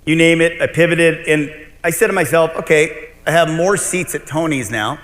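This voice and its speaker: A middle-aged man with a voice on the high side and a bit of brightness speaks at a moderate pace, giving a conference keynote as a restaurant owner. He tells his story bluntly and animatedly, swearing at times, in a large convention hall with long hall reverb.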